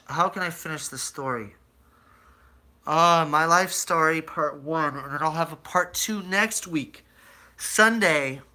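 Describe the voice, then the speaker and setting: A young American man casually telling a rambling life story to his viewers, acting out voices as he goes. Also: on the high side. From United States. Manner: rambling, animated storyteller who acts out quoted voices. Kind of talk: casual storytelling to a live chat.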